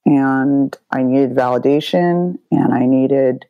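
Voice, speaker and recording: A woman's voice: extremely low pitch, takes it slowly, no echo, lo-fi sound. A middle-aged woman from the United States, speaking candidly as a memoir author in an interview, blunt and self-mocking, swearing freely.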